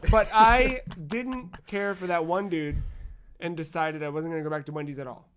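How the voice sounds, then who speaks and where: A man's voice: on the high side, fairly even intonation, moderate pace, fairly bright tone, smooth. A man in his thirties chatting casually as a podcast co-host, telling rambling, profane stories. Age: 30s. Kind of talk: casual chat.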